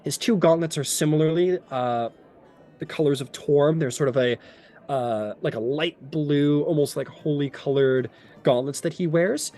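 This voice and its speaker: A man's voice: fairly high pitch, moderate pace, mellow, faint music behind. Rambling male game master. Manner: rambling and descriptive, with many fillers. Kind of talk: narrating a tabletop game.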